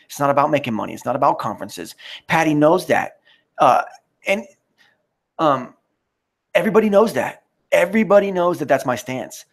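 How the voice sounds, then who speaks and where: A man hosting a live stream, ranting in a rambling, profane and mocking way while answering the chat. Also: medium pitch. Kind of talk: casual live-stream rant.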